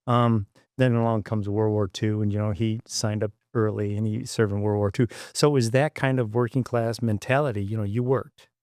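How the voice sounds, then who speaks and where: A man's voice: lowish voice, fairly even intonation, normal speed, few pauses, a little mellow, no echo, studio quality. A man in his sixties from Michigan, a podcast guest rambling through memories of his childhood with many asides. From Michigan, United States. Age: 60s. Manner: rambling, many fillers and restarts. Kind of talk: reflective storytelling.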